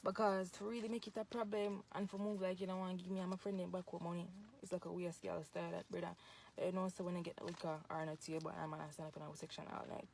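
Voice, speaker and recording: A woman's voice: fairly low pitch, little pitch movement, fast talker, creaky, a little mellow, a little hiss or hum. A woman with a Jamaican accent venting angrily to camera outdoors in the hot sun, cursing heavily and repeating herself. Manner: profane, heated, repetitive. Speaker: social media poster. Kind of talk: angry venting rant to camera.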